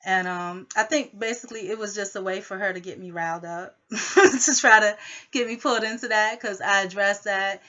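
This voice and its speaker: Woman venting a long story, sharp bright voice, muffled lo-fi phone audio. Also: mid-range voice, fairly even intonation, normal speed. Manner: rambling, heavy on filler phrases. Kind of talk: recounting a personal conflict.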